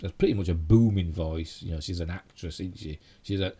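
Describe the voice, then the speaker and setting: Deep, dark-voiced Yorkshire man rambling. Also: fairly quick, husky. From Yorkshire, England. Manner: rambling, full of "you know" and tag questions. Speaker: live stream host. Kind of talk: casual live stream commentary on geek news.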